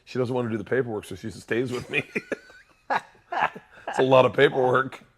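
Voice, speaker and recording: A man co-hosting a podcast, telling animated stories and laughing along in casual chat. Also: mid-range voice, brisk, husky. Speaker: podcast co-host.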